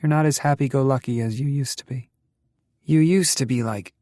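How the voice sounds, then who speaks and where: A man voicing a kind, gentle pregnant woman who teases her friend softly, in an audiobook. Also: mid-range voice, brisk, no echo, studio quality, pitched above the performer's own voice, lightly acted. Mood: thoughtful. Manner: softly spoken, teasing. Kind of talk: audiobook narration.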